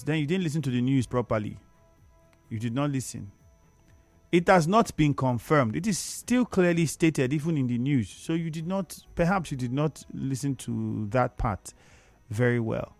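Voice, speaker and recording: A man's voice: a little high, no room sound. A Nigerian man hosts a morning radio talk show from a dry, close studio microphone. He reads out listener comments and then lectures them firmly, stressing and repeating key words. Faint music plays underneath.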